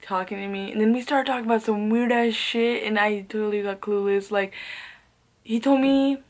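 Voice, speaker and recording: This casual storytime comes from a young female vlogger whose mid-range voice stays fairly even and moves at a normal speed. She rambles, curses, says "like" over and over, and laughs between phrases.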